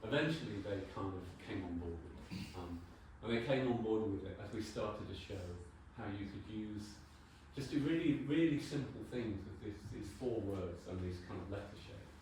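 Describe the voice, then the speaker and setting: A man's voice: on the low side, expressive, moderate pace, hardly any pauses, a little mellow, a little hiss or hum. A man in his sixties giving a conference talk as a brand designer. He speaks informally, with wry humor and the odd swear word. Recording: very echoey hall, mic far off.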